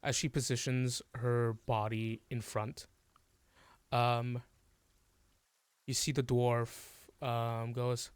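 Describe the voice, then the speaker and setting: A man narrating a tabletop game as game master, halting and full of fillers and restarts. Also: medium pitch, level tone, clean tone, no room sound.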